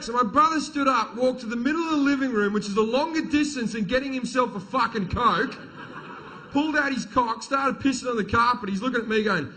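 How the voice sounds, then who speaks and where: A man's voice: extremely high pitch, fairly quick, bright, forceful tone. A middle-aged man telling a crude, swear-filled story as a stand-up comedian on stage.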